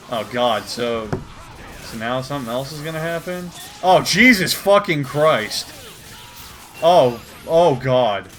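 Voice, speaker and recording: A man's voice: medium pitch, fairly bright tone. Profane guy roasting a comic he's reading, exasperated, bit of music behind. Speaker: YouTuber. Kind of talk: comedic commentary reading a comic aloud.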